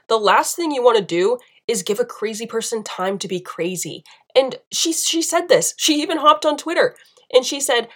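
A woman from the United States delivering a passionate political opinion monologue, emphatic and piling up repeated phrases. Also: on the high side. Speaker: political commentator.

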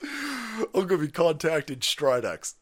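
A man hosting a livestream, ranting casually in a profane, animated way and often breaking into laughter. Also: fairly high pitch, a little slow, breathy edge. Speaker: livestream host.

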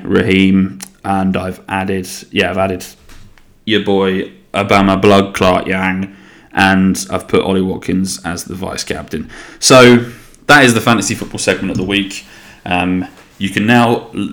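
A young man from England talks through his solo podcast in a loose, rambling way. His voice sits a little low. He swears casually and keeps restarting his sentences as he chats. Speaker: podcast host.

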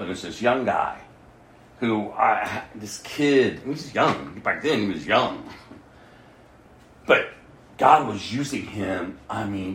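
Male pastor, sermon, emotional storytelling, lively swinging pitch, roomy echoey church sound. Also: slight background noise. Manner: often drops to a hushed near-whisper.

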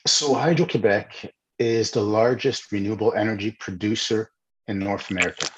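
A man's voice: on the low side, steady tone, moderate pace, background noise. A man answering interview questions over a video call, explaining at length and restarting and repeating words as he goes. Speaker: guest, utility executive.

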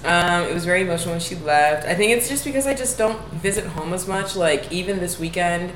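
Low-voiced woman chatting candidly in an echoey room. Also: fairly quick, crowd noise. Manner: chatty, candid, lots of "like" fillers. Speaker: podcast co-host. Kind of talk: casual chat. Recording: echoey room, light noise.

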